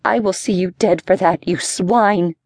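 A woman's voice: a little slow, darkish tone, no room sound. A woman narrator voicing a defiant teenage girl who shrieks in fury at her captors. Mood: furious. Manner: shrill, furious.

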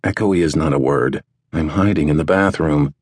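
A man voicing a flustered adult man who talks low and wry. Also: normal speed, breathy edge, no room sound. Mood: hushed. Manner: hushed, wry.

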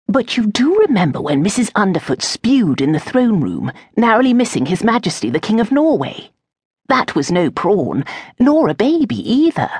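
A woman's voice: medium pitch, a little mellow, slightly rough, no room sound, studio quality. A woman narrating an audiobook, voicing an irritable, prudish aristocratic father who talks in an exasperated, imperious way. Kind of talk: audiobook character voice.

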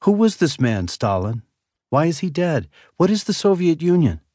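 A man's voice: fairly high pitch, big pitch swings, moderate pace, dark tone, no room sound, studio quality, pitched above the performer's own voice. A man voicing a curious, anxious four-year-old boy in an audiobook, asking pleading questions. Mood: puzzled.

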